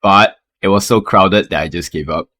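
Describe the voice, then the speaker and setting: A man's voice: low voice, moderate pace, pushed and bright. A man chatting candidly on a voice call with his game group, rambling with restarts. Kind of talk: casual chat.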